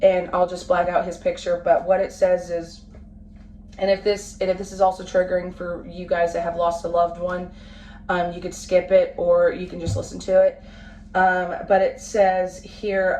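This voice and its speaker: A woman in her late twenties, a family vlogger talking casually to the camera at home, halting and full of fillers and restarts. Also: fairly low pitch, little pitch movement, a little mellow. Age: late 20s. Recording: roomy, from a distance, faint background noise.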